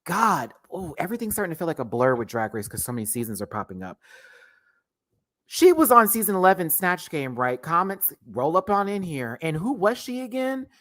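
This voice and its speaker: A man's voice: on the high side, sing-song, a little fast, a bit bright. A man casually reviewing a drag show on a livestream, sassy and slangy, laughing often and playfully exaggerating.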